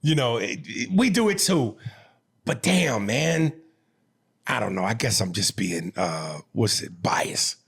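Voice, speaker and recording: A man's voice: medium pitch, sing-song, slow pace, vocal fry, a bit bright, breathy edge. A man from New York City with a New York accent, co-hosting a podcast in casual, profane, emphatic chat with frequent restarts. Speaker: podcast co-host.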